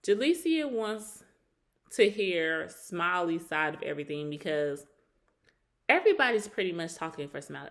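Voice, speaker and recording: A woman casually recapping a reality show reunion, animated and acting out quotes in a higher voice. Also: a little slow.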